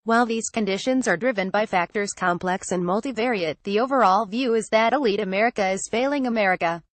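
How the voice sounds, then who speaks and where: A woman narrates a political commentary piece in a steady, measured reading voice. Her pitch sits in an ordinary middle range. The recording is dry and close, with no room sound. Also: no room sound. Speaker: narrator reading an opinion article. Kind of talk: scripted narration.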